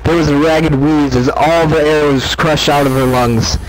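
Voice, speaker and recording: A man's voice: fairly high pitch, fairly even intonation, moderate pace, a little hiss or hum, low-quality recording. A man reading a fan story aloud, stumbling and correcting himself as he goes. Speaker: reader.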